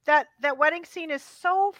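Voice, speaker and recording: A woman co-hosting a casual chat about a movie, animated, laughing often and acting out quotes. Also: sits high, moderate pace, dry recording. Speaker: podcast co-host.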